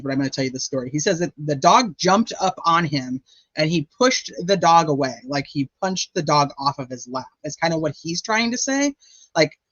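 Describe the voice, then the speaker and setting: A man's voice: fairly high pitch, fairly bright tone, dry recording. A man hosting a true crime channel, talking casually and filling his speech with "like" and "you know.". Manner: chatty, lots of "like" and "you know". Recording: dull lo-fi dry audio.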